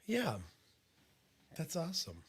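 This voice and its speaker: A man's voice: on the high side, wildly swooping pitch, slow pace, slightly rough. A man co-hosting a casual live podcast, laid-back with short replies. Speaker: podcast co-host.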